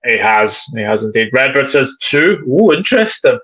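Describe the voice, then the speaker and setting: A man's voice: mid-range voice, very animated, normal speed, sharp tone, highs cut off. A man hosting a live football chat stream, reading viewer comments aloud in a chatty way. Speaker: host.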